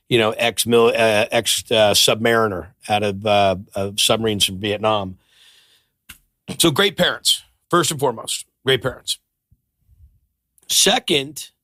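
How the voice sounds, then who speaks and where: A middle-aged man chats as a podcast guest, spinning stories and slipping into the voices of the people he quotes. His voice is bright and forceful, caught on a close studio mic with a dry sound. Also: mid-range voice, no echo. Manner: animated storyteller who acts out quoted voices. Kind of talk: storytelling in casual chat.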